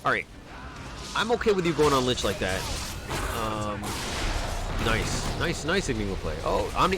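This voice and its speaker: Over background music, a man with a mid-range voice coaches a player through a game replay at normal speed. He's very animated, exclaiming and repeating urgent commands as he analyzes the replay.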